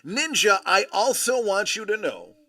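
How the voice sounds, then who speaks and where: A man's voice: sits high, big pitch swings, unhurried, pushed and bright. A man hosting a casual live stream, reading viewer comments aloud and chatting back to them.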